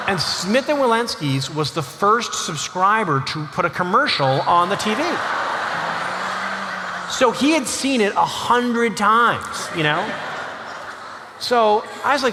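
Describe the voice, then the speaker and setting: A man giving a humorous storytelling lecture as an author, with animated delivery, chuckling asides and frequent "you know"s. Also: high-pitched. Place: large lecture hall. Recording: long hall reverb, faint noise.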